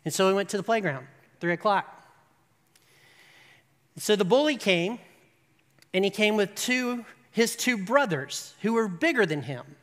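An animated preacher tells a story, building to emphatic peaks and checking in with the listeners. The voice sits at a middling pitch and carries a long, echoing hall reverb. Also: normal speed, long pauses. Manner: asks the audience "right?". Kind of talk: sermon storytelling.

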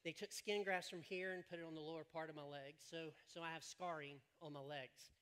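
A man's voice: a little high, fairly even intonation, a little fast, fairly bright tone, clear, resonant tone. A man preaching a sermon from a church stage, telling stories in a joking, rambling way. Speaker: pastor.

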